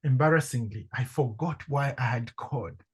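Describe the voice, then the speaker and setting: A middle-aged man from Zambia, a podcast guest telling a personal story with lively acted-out dialogue. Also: mid-range voice, normal speed, slightly rough. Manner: animated storyteller acting out quoted voices. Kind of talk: storytelling in conversation.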